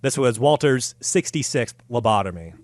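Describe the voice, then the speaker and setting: A man's voice: medium pitch, expressive, moderate pace, dry recording. A man hosting a comedy podcast, telling a story in a casual, profane, joking way. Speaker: podcast host.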